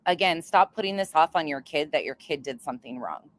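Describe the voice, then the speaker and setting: A woman's voice: low voice, animated, a little fast, no echo. A woman hosting a reaction commentary channel, blunt and sarcastic, swearing freely as she calls out the clip.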